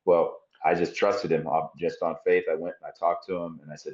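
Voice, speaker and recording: Middle-aged man, deep voice, rambling storyteller, muffled lo-fi sound. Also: flat delivery, a little fast, few pauses, a little mellow. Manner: rambling, many fillers and restarts. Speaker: podcast guest, horse trainer. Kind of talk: casual storytelling interview. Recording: dull lo-fi audio.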